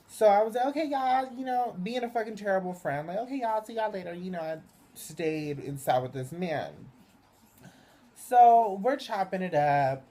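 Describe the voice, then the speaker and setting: Young woman vlogger, low mellow voice, chatty and profane, filler-heavy, animated storytelling. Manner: animated, swings high and loud when excited. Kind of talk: casual storytelling to camera.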